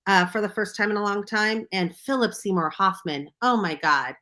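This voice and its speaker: A woman's voice: mid-range voice, moderate pace, pushed and bright. An American woman and film publicist, chatting casually and enthusiastically about movies on a podcast. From United States. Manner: chatty, enthusiastic, lots of fillers.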